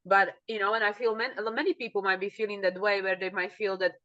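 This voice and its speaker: Bright animated woman chatting. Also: a little fast, hardly any pauses, lo-fi sound. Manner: animated, acts out quoted thoughts in a higher voice. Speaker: co-host. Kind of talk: casual spiritual chat.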